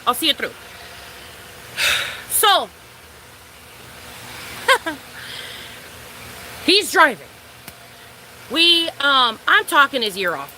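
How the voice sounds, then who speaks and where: A young woman vlogger tells a storytime tale to her viewers, swearing freely and acting out both sides of what happened. Her voice is high-pitched, and the low-quality recording carries slight background noise.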